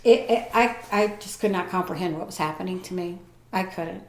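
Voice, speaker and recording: A woman in her forties telling a personal story as a podcast guest, lively and acting out the people she quotes. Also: lowish voice, brisk. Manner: animated, acts out voices in her story. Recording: echoey room.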